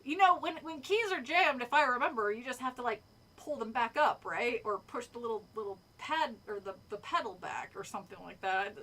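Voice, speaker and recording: A woman's voice: a little high, lively intonation, brisk, sharp tone. A woman streamer reading a horror book aloud, stopping to chat, swear and laugh. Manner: chatty, swears, laughs often. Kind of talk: casual read-aloud with commentary. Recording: voice distant from the mic.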